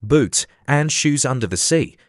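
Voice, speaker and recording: A man's voice: mid-range voice, animated, measured pace, no echo, studio quality, lightly acted. A man voicing an impatient, bossy male griffin creature in a storybook reading, with a solemn, matter-of-fact delivery.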